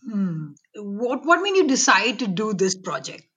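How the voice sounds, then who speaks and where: A woman interviewer in a conversational interview, speaking softly and attentively and often murmuring agreement. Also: medium pitch, big pitch swings, unhurried, husky. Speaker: interviewer, books editor.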